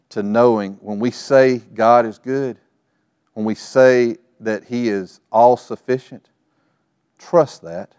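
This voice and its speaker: A man's voice: medium pitch, slow, darkish tone, clear, resonant tone, dry recording. A middle-aged man preaching a sermon to his church, telling family stories and acting out the voices in them. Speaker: pastor. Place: church sanctuary.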